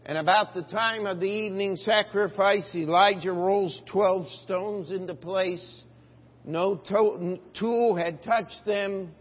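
A male pastor preaching a sermon, retelling a Bible story in a folksy, animated way and acting out the voices. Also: high voice, slow pace, breathy edge. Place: church sanctuary. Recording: dull lo-fi church recording with long reverb.

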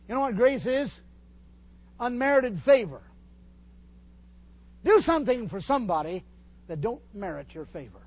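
An older man preaching a folksy sermon in a church, teasing his congregation and pausing to restart his sentences. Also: extremely high pitch, lively intonation. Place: church hall.

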